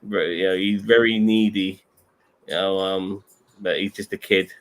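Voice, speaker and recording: A man's voice: sits low, fairly even intonation, measured pace, fairly bright tone. A man chatting casually on a show, rambling and hesitant with many fillers. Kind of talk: casual chat.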